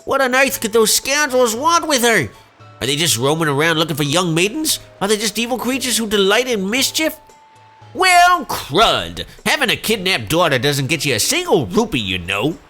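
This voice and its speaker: A man's voice: sits high, huge pitch swings, moderate pace, bright, forceful tone, faint music behind, voice pushed up, full character voice. A man doing a wailing old father. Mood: melodramatic. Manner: melodramatic and wailing. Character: woeful old father pleading for his kidnapped daughter. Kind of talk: let's play voicing game dialogue.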